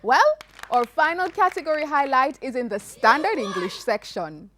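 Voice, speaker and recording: A woman's voice: sits high, sing-song, normal speed, a bit bright, a little hiss or hum. A woman hosting a festival segment in an upbeat, announcer-like scripted delivery. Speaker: segment host. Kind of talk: scripted presenting.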